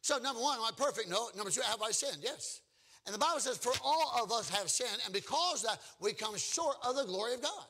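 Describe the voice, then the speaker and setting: A man preaching a lively sermon, telling folksy stories and quizzing his congregation. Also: very high voice, a little fast, husky. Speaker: pastor. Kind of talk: evangelistic sermon with audience call-and-response.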